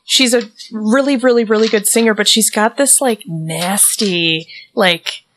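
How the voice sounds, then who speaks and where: A woman's voice: mid-range voice, measured pace, a bit bright. A woman in a casual podcast chat, chiming in with enthusiastic remarks.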